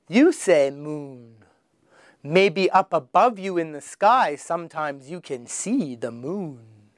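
A man teaching children their letters, slowly sounding out each one with exaggerated emphasis. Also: on the high side, sing-song, no echo, studio quality. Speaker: English teacher. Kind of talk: children's phonics lesson.

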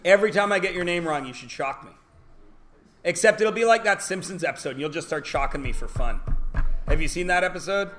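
A man's voice: high voice, a little fast, fairly bright tone. A male teacher giving a joking, self-deprecating classroom lecture to his students.

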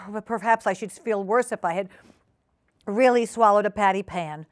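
A woman's voice: mid-range voice, normal speed, dry recording, clean studio sound, lightly acted. A woman voicing a fretful, flustered lady dog in a storybook reading, sighing and stammering.

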